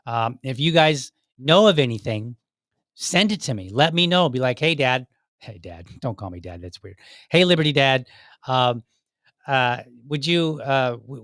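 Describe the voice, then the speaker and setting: A man hosting his own podcast, talking casually and rambling, acting out quick quoted voices as he gives advice. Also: medium pitch, fairly bright tone, no room sound, studio quality. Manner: chatty, rambling, acts out little quoted voices. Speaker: podcast host. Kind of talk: casual solo commentary.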